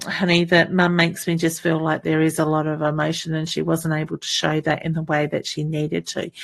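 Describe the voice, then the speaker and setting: An Australian woman with a somewhat low voice hosts a live psychic session on a computer mic. She talks in a chatty, familiar way, reads viewer comments aloud and calls people honey. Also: vocal fry. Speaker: psychic medium hosting a live stream.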